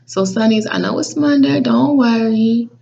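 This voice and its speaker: Animated woman hosting a faith vlog. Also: fairly high pitch, moderate pace, gravelly. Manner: animated and slangy, laughs often. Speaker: vlog host. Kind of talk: casual devotional vlog. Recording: dull, muffled recording.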